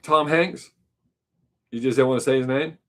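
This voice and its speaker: Man, live stream host, casual chat, musing, rambling, mid pitch. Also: normal speed.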